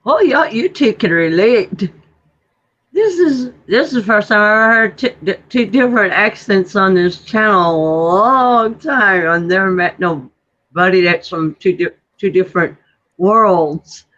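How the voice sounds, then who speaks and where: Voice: medium pitch, expressive, a little slow, fairly bright tone, muffled recording. A curious guest rambling with lots of restarts in a casual group chat.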